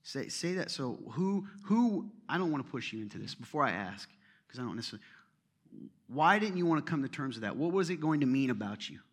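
A man preaching a sermon as pastor, telling a story with swings from loud exclamations to hushed asides. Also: medium pitch, big pitch swings, a little fast.

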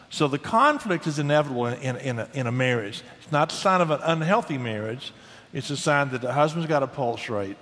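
A middle-aged man with a medium-pitched, slightly bright voice speaks as a guest on marriage in a casual Christian talk show conversation. He's earnest and folksy and often restarts his words. A long hall reverb colors the recording.

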